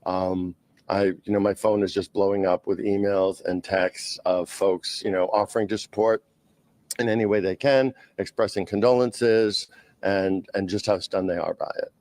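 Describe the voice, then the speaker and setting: A man with a Boston accent, speaking for a skating club at a press conference, pausing often with "uh" and "um". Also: low-pitched, fairly even intonation, a little mellow, no echo. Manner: halting, frequent "uh" and "um".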